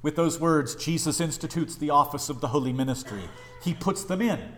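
A male pastor preaching a sermon, pleading and impassioned, swinging between raised urgency and hushed, tender lines. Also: fairly high pitch, expressive, brisk, a little hiss or hum.

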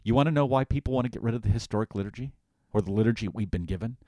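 A man co-hosting a conversational Bible study, animated, acting out voices for emphasis. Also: lowish voice, rapid-fire, dry recording, clean studio sound.

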